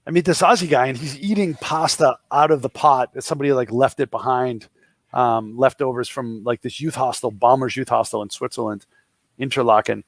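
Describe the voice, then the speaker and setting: This man's medium-pitched voice is creaky and fairly quick, with fairly even intonation and a dry recording. An entrepreneur in his fifties from the Boston area, he guests on a casual interview and, in a Boston accent, shares joking stories full of voiced quotes.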